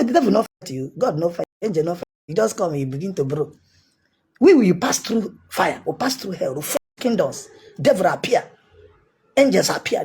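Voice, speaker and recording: A man's voice: sits high, a little mellow, breathy edge. A man with a Nigerian accent, a self-styled prophet, giving a heated, insistent commentary monologue that circles back on its points.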